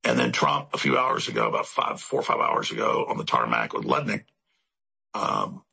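Deep gravelly man, rambling and emphatic. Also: huge pitch swings, pushed and bright. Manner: rapid, rambling and emphatic, with stacked repetitions. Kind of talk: political commentary monologue. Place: studio in Central Texas.

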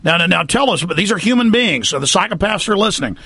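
Gravelly, fiery talk radio host. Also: male voice, high voice, expressive, quick pace, sharp tone, dry recording. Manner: fiery, emphatic, denouncing. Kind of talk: heated talk radio interview.

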